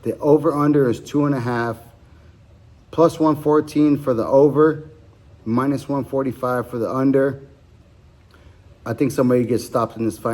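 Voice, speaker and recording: A man hosts his own podcast and talks through betting picks alone in a loose, casual way. He rambles, stops to correct himself and fills the gaps with ums and uhs. His voice sits at a middle pitch for a man. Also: a little mellow. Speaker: podcast host giving fight picks. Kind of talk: casual solo betting breakdown.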